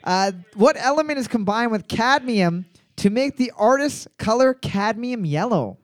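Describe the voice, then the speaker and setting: A man's voice: extremely high pitch, lively intonation, measured pace, no room sound. A man in his thirties hosting a casual trivia quiz, reading questions twice and swearing freely between laughs. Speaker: quiz host.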